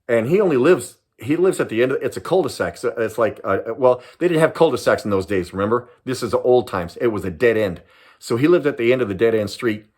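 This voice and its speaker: An older man from Southern California tells a story straight to camera in a loose, casual way. His pitch swings widely and his delivery is animated. He circles back over his own words and keeps tossing in "man". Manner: animated, repeats himself, drops in "man". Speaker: retired police sergeant telling stories.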